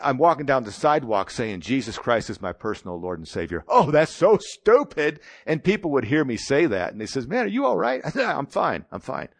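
A man's voice: medium pitch, no room sound. A man in his sixties preaching a sermon, telling his own testimony in a plain-spoken, storytelling way.

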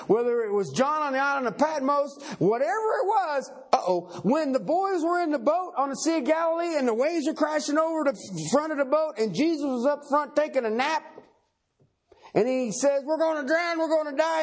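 A man preaching a sermon, emphatic and folksy, repeating key phrases for effect. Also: very high-pitched.

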